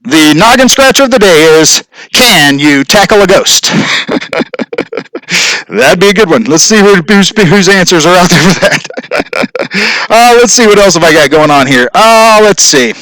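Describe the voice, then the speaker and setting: A rambling, chatty man hosts a casual live stream and tells corny jokes. His voice sits a little high and sounds bright and forceful. The recording is dry, with no room echo. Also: expressive, moderate pace, long pauses. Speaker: host of a live stream show. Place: his hobby showroom.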